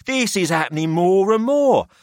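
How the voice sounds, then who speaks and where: A man's voice: sits high, expressive, moderate pace, a little mellow, no room sound, clean studio sound, pitched above the performer's own voice. A man voicing a pushy, jovial older male collector who talks down to two young men. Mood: showy. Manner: expansive, theatrical, patronising.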